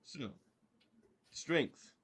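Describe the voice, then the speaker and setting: A man's voice: very slow, a bit bright. A man co-hosting a casual podcast, reading out categories and teasing his co-host with confidence. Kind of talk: casual chat.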